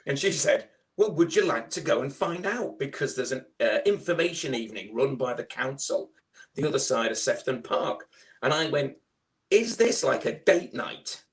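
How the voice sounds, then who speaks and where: A middle-aged man with a Liverpool accent telling his fostering story in a loud, chatty, animated way. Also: medium pitch, moderate pace. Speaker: foster carer guest. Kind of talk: casual storytelling.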